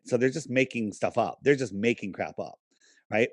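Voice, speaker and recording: A man speaking as an interview guest, pressing his case with emphatic, persuasive delivery and frequent rhetorical questions. His voice sits at an ordinary middle pitch, and the sound is dry and close with almost no room echo. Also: animated, normal speed. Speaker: podcast guest. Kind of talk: casual interview talk.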